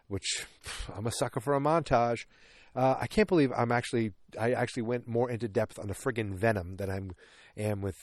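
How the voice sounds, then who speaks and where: A man at a middle pitch talks casually on a movie podcast. He rambles, jokes and corrects himself often. The sound is close and dry, with no room to it. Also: no room sound. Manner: rambling, self-correcting, joking asides. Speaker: podcast host.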